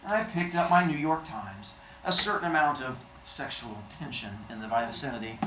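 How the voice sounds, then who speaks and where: Animated man reading to a class. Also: mid-range voice, moderate pace. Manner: animated, playful, dry asides. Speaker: teacher reading a novel to a class. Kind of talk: reading aloud with classroom commentary. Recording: echoey classroom, faint hiss.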